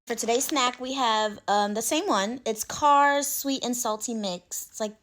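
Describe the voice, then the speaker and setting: A woman's voice: on the high side, moderate pace, a bit bright. A woman telling a scary story in a casual, chatty way, acting out the characters' lines with her voice. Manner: chatty, acts out dialogue with her voice.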